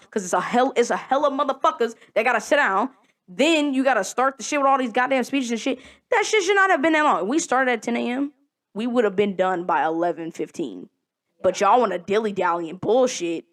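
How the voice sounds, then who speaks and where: A young woman hosting a podcast, telling a story in casual chat, animated and profane, laughing often. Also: fairly high pitch, fairly quick. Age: young adult. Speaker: podcast host.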